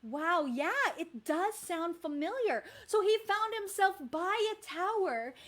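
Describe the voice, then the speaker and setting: Animated female teacher, live storytime for kids, unhurried and high-pitched. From Philippines. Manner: animated, addresses kids directly.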